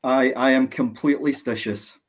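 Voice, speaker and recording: A man's voice: medium pitch, fairly even intonation, normal speed. A man from Scotland, a mild-mannered guest talking hesitantly in a casual interview. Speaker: guest fan.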